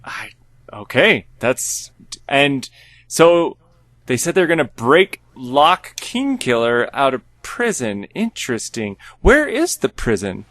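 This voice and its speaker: Male tabletop player, curious, friendly, very expressive pitch, dry sound. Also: slow pace, no room sound. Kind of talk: in-character tabletop role-play.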